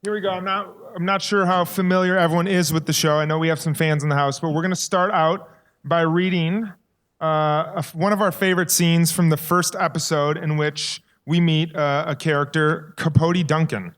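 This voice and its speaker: A man with a slightly high voice co-hosts a live podcast on stage. He talks steadily and moves the show along to its next segment. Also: steady tone, normal speed, a bit bright. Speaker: podcast co-host. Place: live stage in front of an audience.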